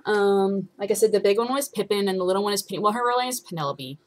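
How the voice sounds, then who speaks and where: A young woman talks straight into her webcam at home, loose and rambling, full of ums and casual swearing. She chats to her followers like old friends, in an ordinary mid-pitched voice. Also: fast. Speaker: vlogger.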